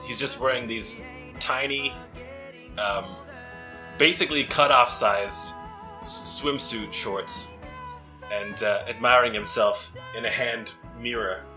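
A man narrating his character's actions in a tabletop role-playing game, halting and laughing. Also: mid-range voice, music in the background. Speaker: player.

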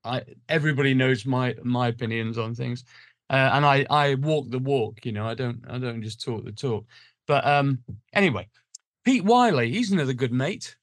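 A man's voice: mid-range voice, normal speed, no echo, clean studio sound. A man hosting a casual interview, chatting in a friendly way and chiming in with short agreements. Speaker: podcast host.

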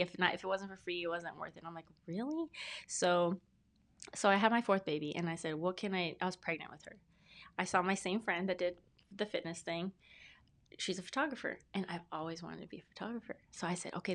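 A woman's voice: on the low side, fairly bright tone. A woman in her thirties, a podcast guest telling her story in a talkative, rambling, earnest way. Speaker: podcast guest, brand specialist. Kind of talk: casual interview storytelling.

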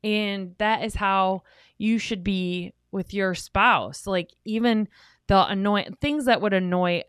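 Chatty woman with a smooth voice. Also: medium pitch, takes it slowly, no room sound, clean studio sound. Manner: chatty, rambling storyteller. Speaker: podcast co-host. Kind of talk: casual podcast talk.

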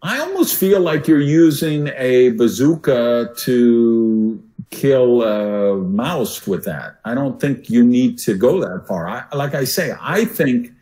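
Older male speaking coach, podcast guest. Demonstrative, varies loudness for emphasis. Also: medium pitch, expressive, slow, rough recording. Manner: demonstrative, swings voice loud and soft for emphasis.

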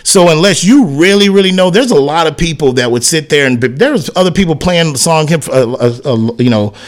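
A man's voice: fairly high pitch, fairly quick. A man co-hosting a sports talk radio show, telling a casual story and acting out the quoted dialogue, with "man" and "whatever" peppered through his speech. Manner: animated anecdote teller who acts out quoted dialogue, frequent "man" and "whatever".

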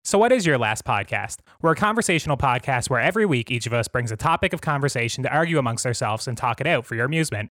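A man hosting a podcast, reading a brisk, practiced introduction of his co-hosts. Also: medium pitch, expressive, a bit bright, no room sound, studio quality. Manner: upbeat, practiced announcer patter. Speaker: podcast host.

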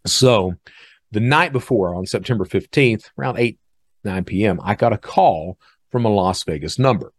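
A man hosting a podcast, telling a story in a casual, animated way and acting out other people's lines. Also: lowish voice, moderate pace, dry recording. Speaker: podcast host.

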